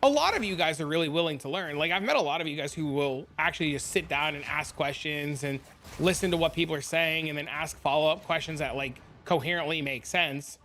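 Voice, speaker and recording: A man's voice: fairly high pitch, fairly quick, slight background noise. A man streaming live, chatting and ranting casually to his viewers while reading their comments aloud. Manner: animated, ranting, reads chat aloud.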